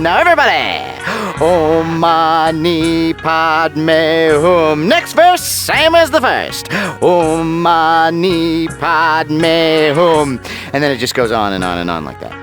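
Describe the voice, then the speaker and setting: A man voicing a jokey, irreverent male AI companion in a video game, cracking sarcastic asides. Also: lowish voice. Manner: sarcastic, playful, chants and sings. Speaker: wisecracking sidekick in a video game. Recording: game audio with music behind. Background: game music.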